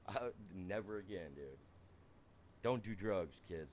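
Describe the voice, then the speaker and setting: A man's voice: sits low, lively intonation, takes it slowly, a little mellow, slight background noise. A young American man streaming a farming game, rambling through a wild personal story and saying "dude" constantly.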